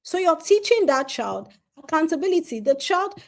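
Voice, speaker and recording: In an earnest parenting advice talk, a woman addresses parents directly and repeats key ideas to emphasize them. Her very high-pitched voice is very animated and moves at a moderate pace.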